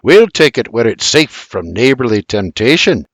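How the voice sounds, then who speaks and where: A crafty bootlegger full of swagger, as a man puts him on for an audiobook, rolling out a broad brogue. His voice sits a little above an ordinary man's speaking pitch and swoops lively over each sly boast. It sounds dry and close, with no room around it. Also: normal speed, slightly rough, dry recording. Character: crafty Scottish-tongued male bootlegger, boastful.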